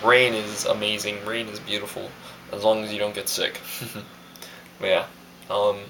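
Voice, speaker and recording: A man's voice: on the low side, flat delivery, moderate pace, pushed and bright, slight background noise, poor audio. A young man from Hawaii recording a casual video diary, rambling and hesitant with lots of fillers. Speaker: vlogger.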